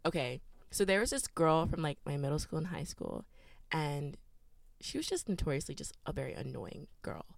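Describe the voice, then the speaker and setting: A woman's voice: low-pitched, sing-song, moderate pace, gravelly, dry recording. A young woman co-hosting a podcast, telling a travel story in a chatty way with lots of "like". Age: young adult. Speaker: podcast co-host. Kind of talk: casual chat.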